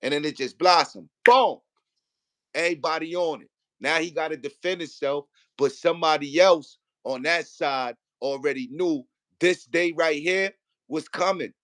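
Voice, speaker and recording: A man's voice: on the high side, moderate pace, fairly bright tone, no room sound, studio quality. A man in casual debate, rambling with restarts and often asking if he's understood. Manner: rambling, repeats "you feel what I'm saying".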